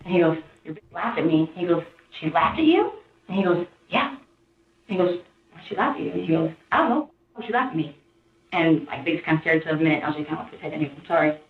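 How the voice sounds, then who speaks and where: A woman's voice: sits low, steady tone, fast. A woman telling an interviewer what happened in a rambling way, acting out what people said. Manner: rambling retelling, acts out quotes. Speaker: interviewee recounting events. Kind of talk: recorded interview account. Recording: echoey, tinny archival interview audio.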